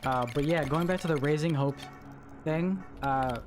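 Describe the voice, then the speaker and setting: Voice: mid-range voice, normal speed. Streamer begging chat to stop, lots of "dude, no no no", music going behind. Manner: squeamish, pleading and groaning at chat; loose slangy talk with many repeats. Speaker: live streamer. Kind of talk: casual live-stream chat while gaming.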